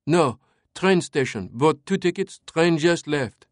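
A keen young male lieutenant reporting in quick, short bursts, pitched well above a man's usual reading voice, as a male audiobook reader puts him on. The sound is dry and close. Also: expressive, no room sound. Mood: urgent. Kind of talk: audiobook character voice.

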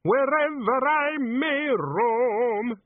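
A man's voice: high-pitched, huge pitch swings, very slow, breathy edge, dry recording, soft background music, voice pushed up, heavily acted. A man voicing a tenor singing in his bath, putting on a showy foreign accent. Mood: crooning. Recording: distant, tinny phone-like sound.

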